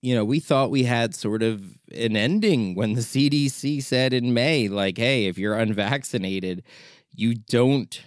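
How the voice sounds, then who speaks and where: A documentary filmmaker giving an impassioned opinion monologue, exasperated and urgent, often repeating words for emphasis. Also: male voice, mid-range voice, a little slow, no echo, studio quality.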